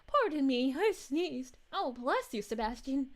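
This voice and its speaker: A sweet, bubbly space princess, voiced by a woman chats with her stream viewers in a high, soft voice. Her lines rise and fall in a lively sing-song and are full of little giggles. The tone stays gentle and friendly throughout. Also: a little slow, exaggerated voice. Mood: playful. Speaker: VTuber streamer reading chat. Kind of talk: live-stream chat in character.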